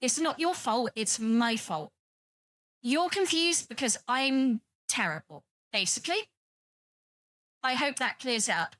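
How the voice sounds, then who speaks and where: A woman's voice: fairly high pitch, animated, slow, fairly bright tone, no echo. A British woman streaming, chatting casually and rambling to her viewers, teasing them and swearing freely. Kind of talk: casual livestream chat with viewers.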